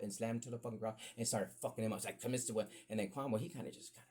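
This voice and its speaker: A man hosting a podcast, telling a profane, animated story in casual talk that jumps up high when he gets excited. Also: very fast, hardly any pauses. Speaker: podcast host.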